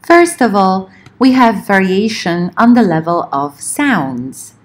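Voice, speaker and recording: A woman lecturing on linguistics, explaining points in a measured way and slowing down to spell out examples. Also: medium pitch, lively intonation. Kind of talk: recorded lecture.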